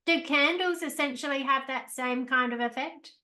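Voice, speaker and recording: A woman hosting an interview podcast, chatty and quick to laugh, with many casual fillers. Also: high-pitched, bright, forceful tone. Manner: chatty, lots of "like", laughs easily. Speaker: podcast host. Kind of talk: interview conversation.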